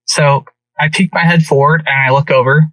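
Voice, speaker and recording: A man on a podcast telling a hunting story in an animated, casual way, with many restarts. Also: a little high, normal speed, no room sound, far from the mic, rough recording. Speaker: podcast guest.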